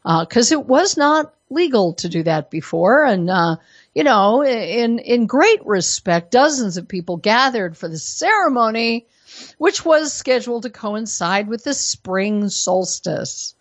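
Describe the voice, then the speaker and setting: A woman's voice: fairly high pitch, lively intonation, measured pace, dry recording. A woman from Colorado giving an opinion monologue as a commentator, full of sarcastic, mock-innocent asides. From Colorado, USA. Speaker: political commentator.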